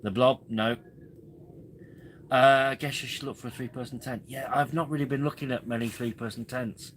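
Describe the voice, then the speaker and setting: A man's voice: mid-range voice, fairly even intonation, moderate pace, slight background noise. A man in his forties hosting a casual camping live stream from a tent. He rambles, goes off topic and pokes fun at himself. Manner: rambling, chatty, self-deprecating. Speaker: camping channel host.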